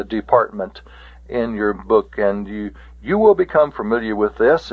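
A man teaching a Greek grammar lesson on tape, slow and deliberate, stopping to spell out word forms. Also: mid-range voice, vocal fry, breathy edge, no echo. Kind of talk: recorded taped lecture. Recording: tinny lo-fi tape.

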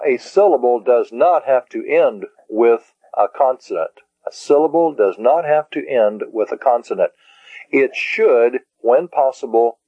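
A man teaching in a slow, patient lecture style, repeating key words for his students. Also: mid-range voice, dry recording. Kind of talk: slow lecture on Greek syllables. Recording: dull lo-fi recording.

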